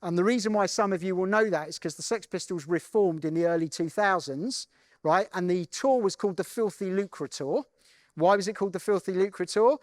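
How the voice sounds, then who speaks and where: On a conference main stage, a keynote speaker tells a story conversationally and keeps checking in with the audience, often asking "right?". His voice is high-pitched and brisk, captured as clean studio sound with no room sound.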